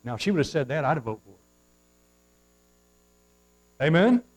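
A male pastor preaching a sermon from the pulpit, swinging from hushed asides to loud, fervent surges and reading scripture in formal old-fashioned wording. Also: fairly high pitch, big pitch swings, moderate pace, poor audio. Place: church, at the pulpit.

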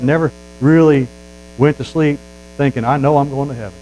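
A man preaching a sermon as a Baptist pastor, folksy and emphatic, building to loud fervor. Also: on the high side, normal speed, pauses often, a little hiss or hum, low-quality recording.

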